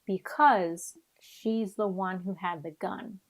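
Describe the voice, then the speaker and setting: A woman's voice: medium pitch, steady tone, takes it slowly. A woman co-hosting a podcast, chatting casually about TV in a blunt, emphatic way and swearing freely. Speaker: podcast co-host.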